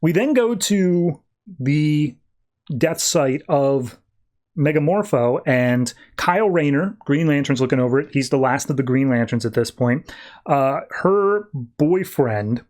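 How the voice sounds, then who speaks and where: A podcast host loosely recaps comic book plots in casual chat, his voice a little high and darkish, with lively intonation and a slightly slow pace. He rambles, leaning heavily on "like" and "uh."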